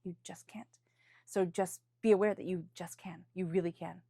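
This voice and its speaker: A woman's voice: lowish voice, steady tone, moderate pace, gravelly, dark tone, slightly rough, no room sound, clean studio sound. A woman reading tarot cards for a weekly forecast, speaking off the cuff in an earnest, encouraging way. She often restarts her phrases and now and then calls on angels and spirit guides. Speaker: tarot reader.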